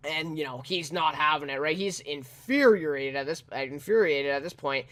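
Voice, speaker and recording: A man with a fairly high voice talks through a TV episode review in a loose, off-the-cuff way. He leans on fillers and keeps tacking questions onto the ends of his sentences. He chuckles as he goes. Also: normal speed, fairly bright tone. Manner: rambling, heavy on fillers and tag questions; chuckles often while talking. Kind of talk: casual spoken review.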